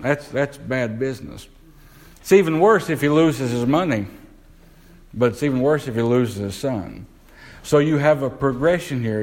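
A man preaching a sermon, putting questions to the congregation and slowing down to stress key words. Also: mid-range voice, darkish tone, poor audio.

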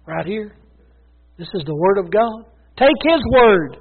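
A man preaching a folksy, emphatic sermon, swinging between loud declarations and quiet asides. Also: high voice, lively intonation, measured pace, creaky, breathy edge. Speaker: pastor. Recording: tinny phone-like sound.

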